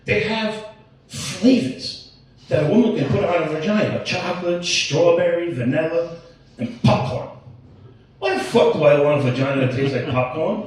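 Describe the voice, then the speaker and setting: Heard from a distant mic in an echoey room, a comedian in his late forties does an open-mic set that's crude and meandering, loaded with profanity and self-interruptions. His voice sits high with a darkish tone, big pitch swings, and a normal pace.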